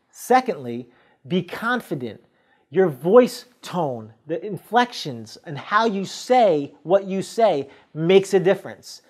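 A man giving a motivational sales training talk, coaching the listener directly and acting out sales scenes with quoted dialogue. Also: high voice.

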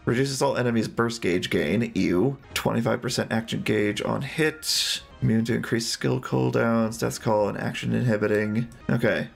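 A man's voice: mid-range voice, normal speed, creaky, few pauses, husky, faint music behind. A man hosting a gaming channel, doing gameplay commentary with dry, joking asides. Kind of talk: gameplay commentary, reading game dialogue aloud.

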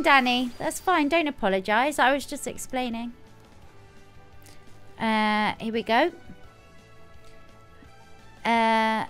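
A woman streaming a video game live, chatting casually with sudden excited squeals. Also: fairly high pitch, takes it slowly, pauses often, smooth, faint music behind. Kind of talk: casual live gameplay commentary.

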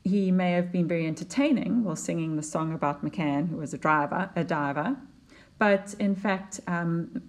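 A woman teaching a poetry lesson, explaining slides in an unhurried way with fillers and restarts. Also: on the low side.

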